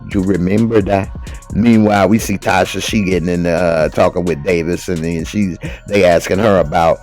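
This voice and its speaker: A man with a very low voice recaps a TV episode in a loose, slangy way. He tells the story with animation and jumps into the characters' lines. Faint music plays in the background. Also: fairly even intonation, moderate pace, darkish tone. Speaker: TV recap host.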